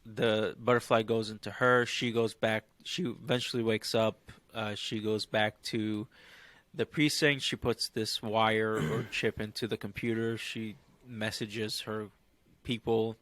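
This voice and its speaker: A man's voice: lowish voice, flat delivery, unhurried, a bit bright, no echo. A man co-hosting a podcast, casually recapping an episode in a loose, rambling way with lots of fillers. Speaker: podcast co-host.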